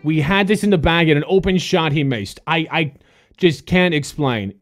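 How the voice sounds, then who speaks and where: A young man calls his own basketball game in a high, excitable voice, breaking into shouts and curses at his players. Faint music plays under him. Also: normal speed. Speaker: gaming host. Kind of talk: gameplay commentary.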